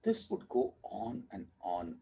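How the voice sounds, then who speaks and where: A man's voice: on the low side, huge pitch swings, slow, gravelly, warm tone, poor audio. A man in a documentary interview, reflectively telling a story about his daughter. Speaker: father telling a family story.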